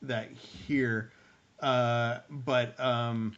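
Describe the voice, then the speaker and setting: A man's voice: mid-range voice, fairly even intonation, slow, fairly bright tone, muffled recording. Guy rambling casually on a review stream, lots of restarts, ordinary mid voice. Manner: rambling, thinks aloud with many restarts. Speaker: podcast co-host running the stream.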